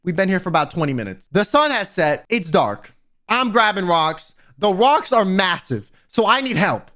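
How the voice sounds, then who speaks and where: A young man telling a wild story to his viewers in a casual, exasperated, animated way. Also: high-pitched, moderate pace. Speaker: vtuber storyteller.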